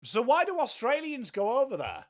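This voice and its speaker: A man's voice: very high voice, wildly swooping pitch, moderate pace. A man hosting a live cricket watchalong, chatting crudely with his chat and trading banter. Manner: crude, banter-heavy, reads chat aloud. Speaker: live stream host. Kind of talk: casual cricket watchalong commentary.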